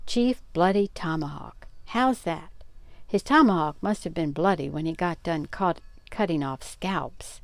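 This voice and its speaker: A woman's voice: on the low side, unhurried, creaky, dry recording. An older woman voicing a bold, teasing schoolboy full of schemes, in a storybook read-aloud. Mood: excited. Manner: excited, bossy, teasing.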